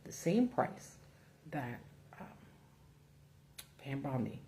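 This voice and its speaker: A woman's voice: a bass voice, slow, long pauses, warm tone, a little hiss or hum. Blunt, profane woman ranting on a livestream. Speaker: political commentary host. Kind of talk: casual livestream commentary. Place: home setup with a ring light.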